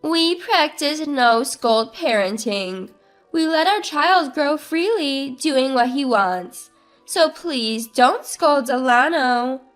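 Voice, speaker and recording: Woman doing a prim snooty young mom, high voice, slow, music under. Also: animated, a bit bright, heavily acted. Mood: annoyed. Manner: prim, haughty. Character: entitled young mother, woman, annoyed and haughty.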